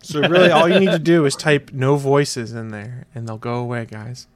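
A man hosting a podcast and chatting casually in a relaxed, wry manner. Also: mid-range voice, moderate pace, crowd noise. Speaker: podcast host. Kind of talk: casual chat.

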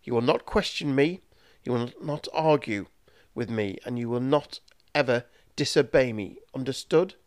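A man's voice: mid-range voice, expressive, moderate pace, few pauses, close to an everyday voice. A man voicing a rude, hungover male wizard who snaps and sneers at his apprentice. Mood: snapping. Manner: sneering, snappish.

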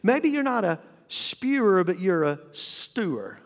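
A man's voice: high-pitched, big pitch swings, slow pace. A middle-aged male pastor preaching a folksy, humorous sermon in a church, often restarting his sentences. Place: church auditorium. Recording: long reverb of a church hall.

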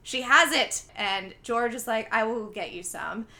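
A woman's voice: fairly high pitch, unhurried. A young woman chatting casually on a podcast, retelling a film scene by scene and acting out the characters' lines. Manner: animated storytelling, acts out quoted lines. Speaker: podcast co-host recapping a film. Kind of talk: casual chat.

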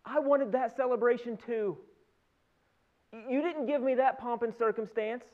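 A man's voice: very high-pitched, moderate pace, pitched above the performer's own voice. A man voicing a resentful, jealous older brother who complains in an aggrieved, whiny way. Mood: whining. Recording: dull lo-fi sound.

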